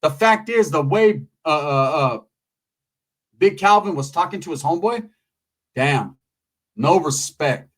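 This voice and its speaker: A man in a casual commentary monologue, talking freely and with a lot of profanity. His voice sits a little higher than most men's. Now and then he jumps into loud, high-pitched impressions of other people. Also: expressive, moderate pace. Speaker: YouTube commentator.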